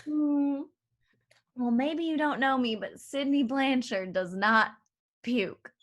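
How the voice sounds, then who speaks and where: An actress playing a boisterous, drunk Southern woman from Georgia, loud and teasing, in a staged reading over a video call. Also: sits high, slow pace. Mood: tipsy, combative.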